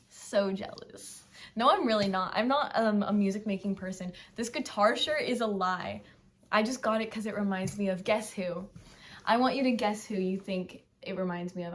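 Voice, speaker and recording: Gushing young woman, higher voice. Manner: gushing, rambling, excitable. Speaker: vlogger. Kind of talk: casual chat.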